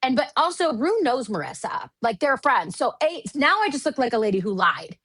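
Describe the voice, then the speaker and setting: A woman from Michigan, a Broadway actress guesting on a podcast, telling a casual anecdote in a lively, self-deprecating way with lots of "like". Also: high-pitched, moderate pace, husky, no echo. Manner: animated, self-deprecating, heavy use of "like".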